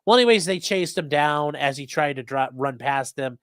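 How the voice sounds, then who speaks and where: A man's voice: fairly high pitch, normal speed, no room sound, clean studio sound. A man co-hosting a livestream, reading sponsor spots in a rambling, sarcastic, joking way and talking straight to the chat. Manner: sarcastic, rambling, deadpan jokes addressed to chat.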